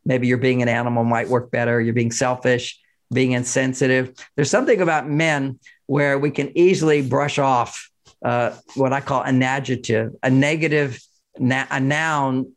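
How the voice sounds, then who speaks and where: A man's voice: medium pitch, steady tone, moderate pace. A man giving relationship advice as a podcast guest, talking in an emphatic, explanatory way with frequent chuckles. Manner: married, talks of his own marriage. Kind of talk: conversational advice in an interview.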